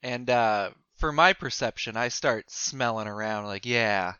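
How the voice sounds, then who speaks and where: A player in a tabletop role-playing game who talks playfully and breaks into loud in-character shouts. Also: medium pitch, unhurried, smooth, no echo. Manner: playful, lively, with bursts of shouted in-character lines. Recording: dull lo-fi mic.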